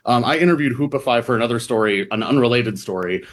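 A man in an interview, talking as a reporter at a medium pitch. He explains in loose, chatty runs full of fillers and restarts, and now and then mimics other voices playfully. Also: fast talker. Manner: rambling with many fillers and restarts. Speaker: reporter guest. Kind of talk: casual explanatory chat.

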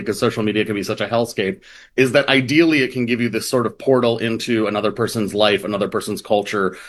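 A man, a reporter, explaining his story in a rambling, casual interview manner with many restarts. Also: medium pitch. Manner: rambling, restarts, acts out quoted voices.

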